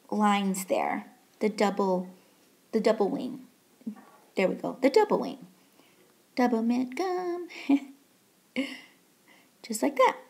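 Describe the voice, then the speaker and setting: A woman's voice: on the high side, a little mellow. A woman beauty vlogger talking casually through a makeup tutorial, chatty and giggly with plenty of fillers.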